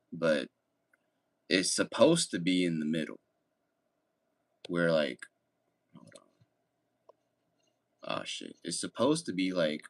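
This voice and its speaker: A man's voice: a bass voice, creaky. A man streaming casually, chatting with viewers and joking around in a laid-back way. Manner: laid-back, joking, reads chat aloud. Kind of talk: casual livestream chat.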